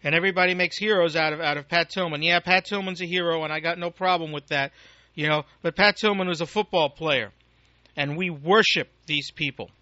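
A man's voice: fairly high pitch, fairly even intonation, brisk, sharp tone, no room sound. An American man giving an angry, profane, rambling political rant as a talk radio host, on a dull lo-fi recording. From United States.

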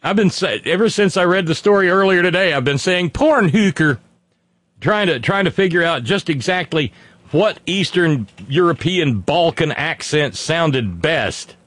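Lively, sardonic male comedy host. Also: fairly high pitch, measured pace, dry recording. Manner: sardonic, profane, giggly asides. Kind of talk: livestream commentary reading viewer comments.

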